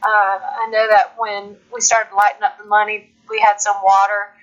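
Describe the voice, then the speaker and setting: A woman's voice: medium pitch, little pitch movement, moderate pace, dull audio. A woman singer-songwriter from Alabama, chatting as a guest in a casual phone interview, laughing often and restarting her sentences.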